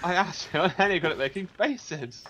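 A man's voice: sits high, brisk. A man joking around in casual chat with a friend while playing an online game. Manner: playful, joking, animated, laughs often. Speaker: co-player.

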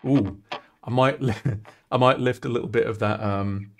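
Faint music plays behind a man streaming his songwriting session. His mid-range voice moves at normal speed with fairly even intonation as he chats, muses aloud, and jokes at his own expense.

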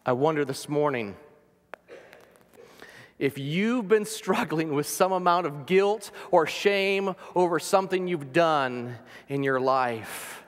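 A man preaching a sermon as pastor, earnest, sometimes dropping to a soft near-whisper for emphasis. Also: fairly high pitch, takes it slowly, long reverb tail.

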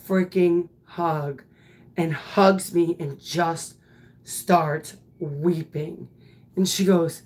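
A woman who coaches softball and teaches, telling a story in an animated, emphatic way with casual swearing. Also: lowish voice, drawn-out words.

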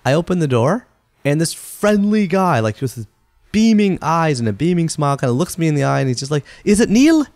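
A man hosts a podcast in a chatty storytelling voice, and his pitch rises and falls a lot as he acts out each exchange. He speaks close to the mic in a dry, dead room. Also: brisk, no echo. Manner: animated, chatty storyteller who acts out quotes. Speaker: podcast host.

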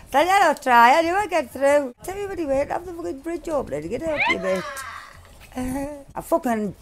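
A woman giving loud, excitable gameplay commentary, swearing freely, shouting and laughing. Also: sits high, moderate pace, soft background music. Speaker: gaming channel host.

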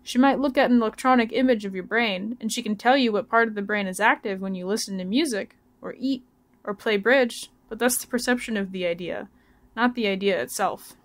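A woman student reading a novel aloud in a steady, careful way. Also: mid-range voice, brisk. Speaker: student reader.

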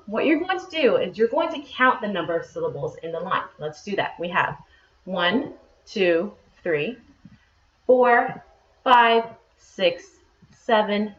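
A woman's voice: medium pitch, fairly bright tone. A woman teacher explaining patiently, step by step, in a classroom lesson. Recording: echoey, dull lo-fi room sound.

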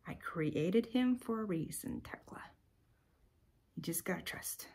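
A woman voicing a calm, gentle divine voice in whispered role-play. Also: fairly low pitch, fairly quick, husky. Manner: soft, hushed.

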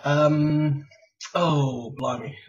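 A man's voice: a little high, fairly even intonation, very slow. A man of twenty-eight from England, chatting casually at home into a webcam, rambling and self-deprecating with lots of ums. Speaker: vlogger. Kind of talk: casual tag vlog chat. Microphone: webcam mic. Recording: dull lo-fi webcam sound, a bit far from the mic.

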